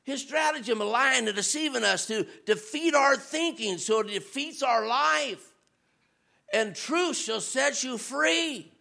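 Vocal fry marks the voice of this guest preacher as he delivers his sermon in a loose, conversational, animated way. He shouts at times, and his reading of scripture is lower and slower.

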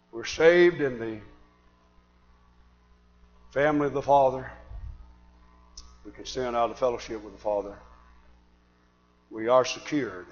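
A man preaching a sermon, swinging from shouted fiery passages to quiet, earnest talk. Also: mid-range voice, highs cut off.

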